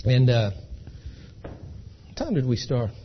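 A man's voice: mid-range voice, big pitch swings, slow pace, highs cut off, a little hiss or hum. A man gives a folksy, chatty talk to an audience, telling stories and keeping to check in with "okay?". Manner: chatty, storytelling, keeps asking "okay?". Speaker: speaker at an identity theft seminar. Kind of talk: folksy live presentation to an audience.

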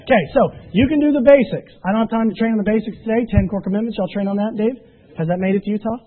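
A man's voice: high voice, very fast. A man giving a motivational business training talk, telling stories with emphatic rising peaks. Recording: tinny phone-like sound.

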